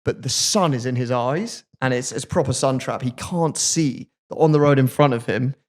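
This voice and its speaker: A man hosts a casual podcast, walking his co-hosts through a story with wry, joking asides. His voice sits at an ordinary middle pitch, and he sounds relaxed and conversational. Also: normal speed. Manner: chatty, wry, jokey retelling.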